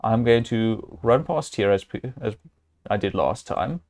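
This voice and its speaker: A man's voice: lowish voice, expressive, unhurried, a little mellow. A man streaming a live game, thinking aloud and talking to his viewers and his character, with many fillers and restarts. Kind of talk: live gameplay commentary.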